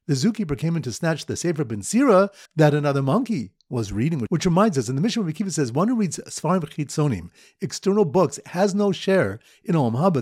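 A man's voice: husky, no echo, clean studio sound. A man reviewing Talmud pages with playful mnemonic stories, jumping his voice up and down as he tells them. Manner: lively storytelling with sudden pitch jumps. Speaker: Talmud teacher.

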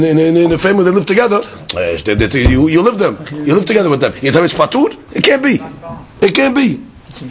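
A man teaching a Talmud class, explaining passages with lively emphasis, mixing Hebrew-Aramaic terms into English and repeating words as he works through the argument. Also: on the high side, breathy edge.

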